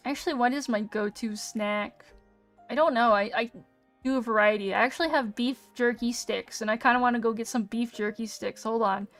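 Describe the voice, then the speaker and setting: A woman's voice: fairly high pitch, fairly even intonation, fairly quick, a bit bright. A young woman guest on a stream, chatting casually and telling a self-mocking story. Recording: voice over faint background music.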